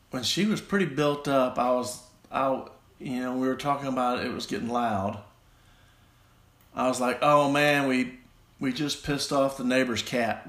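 Slow-talking Southern man in an echoey room. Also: medium pitch, fairly bright tone. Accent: Southern American. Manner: rambling, self-deprecating, halting with restarts. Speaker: storyteller. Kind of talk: casual personal storytelling.

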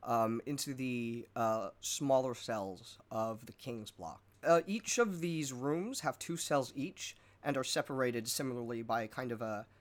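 A man narrating a tabletop game as game master, relaxed with fillers. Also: medium pitch, measured pace, few pauses.

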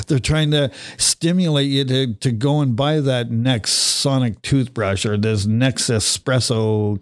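A man's voice: medium pitch, no echo. Male podcast host, casual chat, swears a lot, dry close sound. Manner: swears freely, laughs often.

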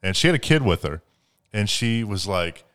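Man, podcast host, crude rambling storyteller, low voice, swings in pitch. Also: sing-song, normal speed, a bit bright, clear, resonant tone. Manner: profane, rambling storyteller with many fillers. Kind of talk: crude casual chat.

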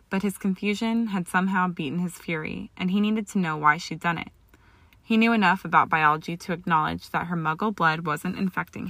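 Woman narrating a story, bright and gravelly. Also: lowish voice, dry recording. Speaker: reader. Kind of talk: storybook narration of fan fiction.

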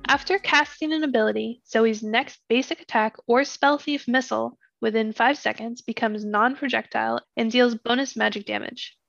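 A woman with a slightly high, gravelly voice reads game numbers steadily, like a podcast co-host working through notes. The sound is dry and a little dull, as from a modest home mic. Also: normal speed, hardly any pauses, no echo, soft background music. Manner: steady, methodical reading of numbers. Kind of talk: reading game stats in casual chat.

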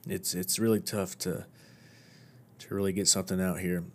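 Man, low voice, solo podcast host, casual rambling chat, self-deprecating. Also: flat delivery, normal speed.

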